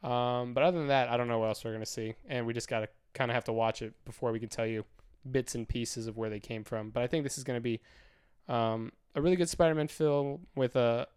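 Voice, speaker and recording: A man's voice: mid-range voice, fairly even intonation, fast talker, darkish tone, smooth. A man co-hosting a casual movie chat, rambling with lots of fillers and restarts. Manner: rambling, filler-heavy, self-correcting. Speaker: co-host.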